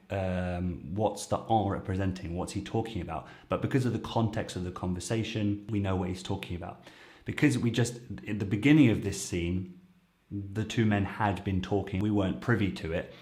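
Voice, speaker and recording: A man's voice: lowish voice, warm tone. A man who is a native English speaker, hosting a lesson and patiently explaining phrases step by step. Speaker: French teacher and show host. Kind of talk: explaining language clips to camera.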